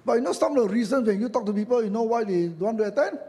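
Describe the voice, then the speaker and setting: Talking fast in a high-pitched yet mellow voice, a church elder with a Malaysian English accent preaches a sermon. It's chatty and joking, with quoted voices acted out and tag questions added.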